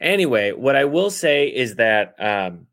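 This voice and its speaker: A man's voice: medium pitch, sing-song, a little slow, gravelly, fairly bright tone. A man co-hosting a podcast, telling meandering stories in casual political chat. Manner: rambling, meandering storyteller. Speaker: podcast co-host.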